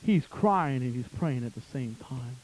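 A man preaching a fire-and-brimstone sermon, swinging between loud shouting and low, intense tones. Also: animated, a little slow, a little hiss or hum, low-quality recording.

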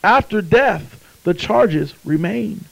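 A man delivers a sermon in a high voice. He drops to a hush while telling a story, then climbs to fervent shouts. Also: expressive, takes it slowly, vocal fry, rough recording. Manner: impassioned, swings from hushed to shouting. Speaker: preacher.

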